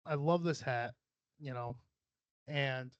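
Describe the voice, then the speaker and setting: A man's voice: medium pitch, takes it slowly, no room sound, highs cut off. A young adult man hosting a casual solo podcast from a cluttered home room, blunt, profane and rambling as he jokes. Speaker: podcast host.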